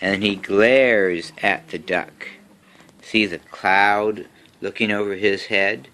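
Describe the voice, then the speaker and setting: A man reading a picture book aloud to a child at home, in a slow, gentle storytelling manner. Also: fairly low pitch, fairly even intonation.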